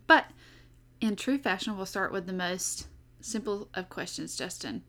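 A woman's voice: mid-range voice, animated, a little slow, fairly bright tone. A young adult woman hosting a casual podcast, chatty and upbeat with frequent fillers. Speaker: podcast host.

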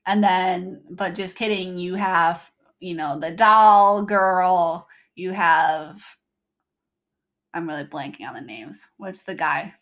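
A woman's voice: lowish voice, slow pace, a bit bright. Hesitant woman chatting casually. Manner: hesitant, filler-heavy, searching for words. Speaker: podcast co-host. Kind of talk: casual chat.

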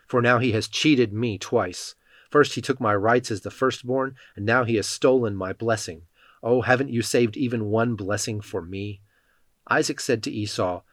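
A man giving a measured, even reading of Bible passages, speaking the quoted lines in his own voice. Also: lowish voice, no echo. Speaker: scripture reader.

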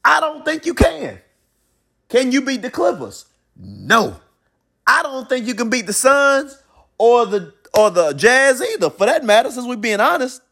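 A man's voice: very high-pitched, sing-song, a little slow, gravelly, pushed and bright. A man hosting a sports talk show, giving a blunt, opinionated basketball commentary monologue in a colloquial way, often repeating himself.

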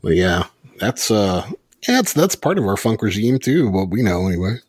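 A man hosting a podcast in casual chat, laughing often and swinging his pitch up when excited. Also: moderate pace, husky, no room sound, clean studio sound. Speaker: podcast host.

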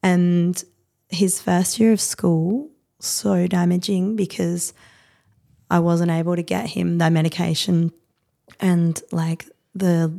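A woman in her thirties, a podcast guest talking candidly in a rapid, rambling, heartfelt way with many fillers. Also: fairly low pitch, level tone, creaky, dark tone. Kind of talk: candid conversational interview.

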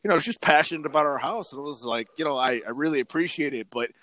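A man's voice: a little high, fast talker. A young adult man casually telling a story on a podcast, acting out the other people's lines. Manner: animated, acts out quotes. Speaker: podcast co-host.

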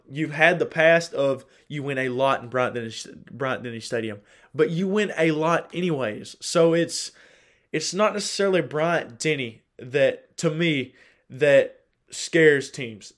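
A man's voice: medium pitch, unhurried, fairly bright tone. A young man hosting a casual solo sports podcast, chatty, laughing often and restarting his sentences. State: dry throat. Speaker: podcast host.

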